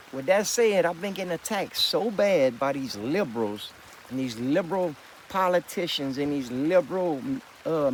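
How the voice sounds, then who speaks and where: A man's voice: medium pitch, a little hiss or hum, poor audio. A middle-aged man, rambling through a profane, insistent vlog monologue. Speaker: vlogger.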